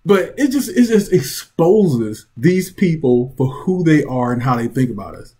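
Man, vlog ranter at home; fairly high, husky voice, profane, mocking. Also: big pitch swings, unhurried, mellow. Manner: blunt, profane, mocking, laughs often. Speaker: vlog commentator. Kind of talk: casual opinion rant.

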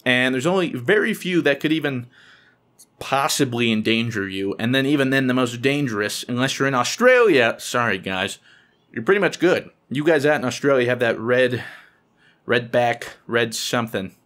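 A young man telling a funny story to camera in an excitable, animated way, often squealing in high voices when he quotes people. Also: moderate pace.

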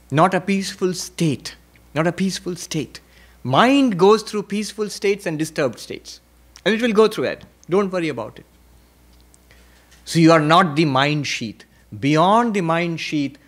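Man teaching spirituality, slightly high voice. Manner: reflective teaching with repetition and rhetorical questions; varies pitch and pace for emphasis. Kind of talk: spiritual lecture at a retreat.

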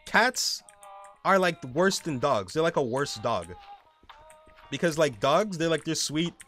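Profane, excitable man ranting on stream. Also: on the high side, a little slow, faint music behind. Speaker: gaming streamer. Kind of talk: casual rant while playing a game.

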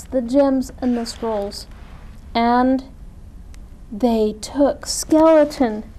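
A woman reading a children's picture book aloud with expressive delivery. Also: a little high, poor audio. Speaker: story reader. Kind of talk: children's storytime read-aloud.

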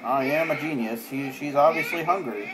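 A man giving casual let's play commentary with sarcastic, deadpan asides. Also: on the high side, normal speed, poor audio. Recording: game music playing behind.

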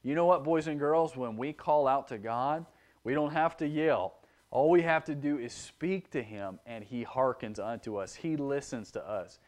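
A young man teaching a children's sermon, speaking with animated expression and acting out children's voices. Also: medium pitch, normal speed.

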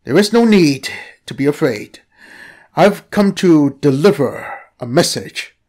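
A man voicing a calm, mysterious talking snake, with a slow, measured and hushed delivery. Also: a little high. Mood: ominous calm.

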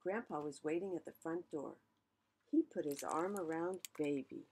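A woman's voice: sits low, normal speed, mellow, a little hiss or hum. A woman reading a picture book aloud, chatty and musing, with asides between pages. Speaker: storyteller.

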